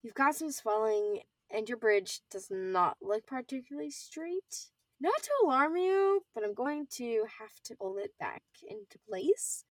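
A teenage girl voicing a brisk, cheerful young female medic who talks with a reassuring bedside manner. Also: on the high side, lively intonation, no echo, recorded from a distance. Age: teens.

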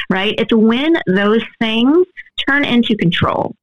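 A woman's voice: on the high side, expressive, slow pace, lo-fi sound. A woman answering interview questions as an expert guest, earnest and explanatory, often tagging on "right?".

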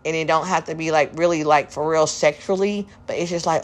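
Rambling, slangy woman with a lowish voice. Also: fairly even intonation. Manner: rambling, slangy, full of fillers and asides; breaks into quick mocking voices of others. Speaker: podcast host. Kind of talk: candid solo podcast monologue.

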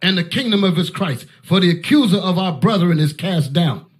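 Fiery high-voiced male preacher. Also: expressive, normal speed. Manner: forceful, shouting outbursts, commanding. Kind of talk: fiery street-style Bible teaching.

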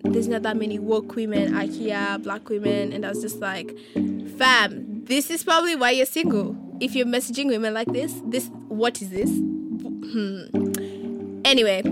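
Young woman vlogger, lively and slangy, a touch high-pitched, heavy music bed behind. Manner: animated, slangy, quick asides. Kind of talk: casual story-time chat. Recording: loud music under the voice.

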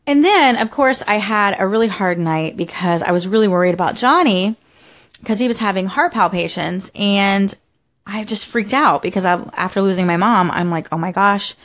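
A young adult woman vlogging casually about her day, rambling with lots of fillers and restarts. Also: fairly low pitch. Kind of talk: casual personal storytelling.

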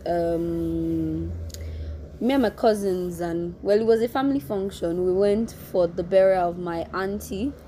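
A young woman in her twenties with a Nigerian accent, telling a personal story in a casual, animated way, laughing often and restarting her sentences. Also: mid-range voice, a little hiss or hum.

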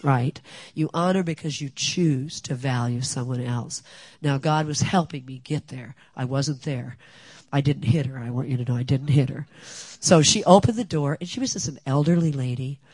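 An older woman speaking at a women's gathering, giving a personal testimony as an animated storyteller with lively asides. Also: sits low, no echo.

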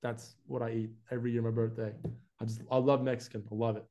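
A man's voice: mid-range voice, fast, faint music behind. Chatty man with a mixed American-Australian accent. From United States, Florida. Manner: relaxed, chatty, says "man" and "like" a lot. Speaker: guest, YouTube advertising specialist. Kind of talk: casual interview chat.

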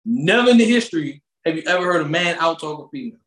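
A man co-hosting a podcast, chatting casually with slangy, animated storytelling. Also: a little high, fast talker, roomy sound. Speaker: podcast co-host. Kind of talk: casual chat.

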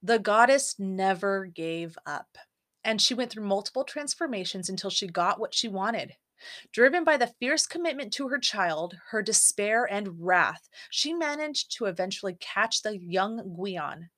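A woman's voice: medium pitch, animated, a little slow, fairly bright tone. Earnest woman sharing reflective lessons. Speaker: podcast co-host. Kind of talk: casual chat, reading mythology lessons.

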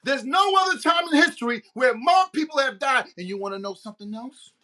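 Heated, lively-voiced man ranting. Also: extremely high pitch, brisk. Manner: heated, profane, rhetorical questions. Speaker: podcast host. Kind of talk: ranting monologue.

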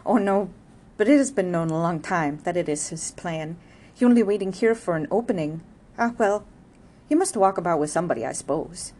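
A woman's voice: fairly low pitch, lively intonation, fairly quick, darkish tone. A woman voicing a chatty, teasing village neighbor woman who uses dialect words. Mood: gossipy.

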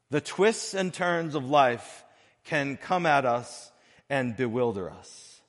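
A male pastor delivers an earnest sermon at a mid-range pitch, pausing between phrases and dropping to near-quiet before rising again. His voice rings with the long reverb of a church sanctuary. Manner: earnest, with phrases broken by pauses and swings between soft and loud.

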